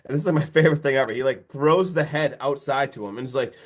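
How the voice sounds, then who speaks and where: A man co-hosting a podcast, recapping a horror movie in casual, excitable chat full of fillers and mild swearing. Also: mid-range voice, quick pace. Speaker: podcast co-host.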